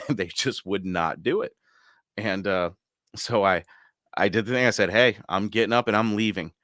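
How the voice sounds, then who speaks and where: A man's voice: lowish voice, moderate pace, a bit bright, no echo, clean studio sound. A man hosting a podcast, telling a story in casual chat and laughing as he goes. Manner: laughs through stories, acts out quoted voices. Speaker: podcast host.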